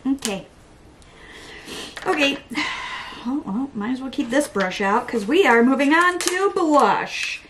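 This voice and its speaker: Lively self-mocking young woman vlogger. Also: high-pitched, takes it slowly, long pauses, slight background noise, rough recording. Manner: chatty, self-deprecating, talks to herself, drops to whispers. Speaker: beauty vlogger. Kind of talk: casual makeup tutorial chat.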